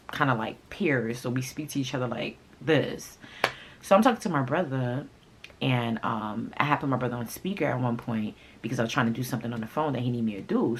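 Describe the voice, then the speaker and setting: Young woman, native Haitian Creole speaker, casual storytelling, very deep voice, breathy and husky. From Haitian family. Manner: animated, with sudden loud outbursts and asides to viewers. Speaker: vlogger.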